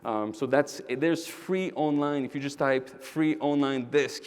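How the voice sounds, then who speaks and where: A man giving an energetic conference keynote, telling stories and speaking directly to his audience. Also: medium pitch, a little slow, clean tone. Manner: storytelling with quoted dialogue. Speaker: keynote speaker, roofing company owner.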